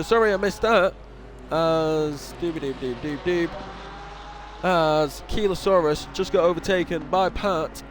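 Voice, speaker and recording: A young man from northern England, speaking with a high voice and that region's accent, commentates on a sim racing series. His commentary is casual and rambling, sprinkled with self-deprecating asides, over slight background noise.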